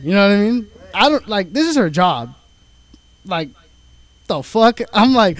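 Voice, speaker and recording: High-voiced 19-year-old comic, loose and profane. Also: male voice, expressive, normal speed. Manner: casual storytelling, heavy filler and profanity. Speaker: stand-up comedian. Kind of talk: open mic stand-up set. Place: comedy club stage. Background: audience laughter.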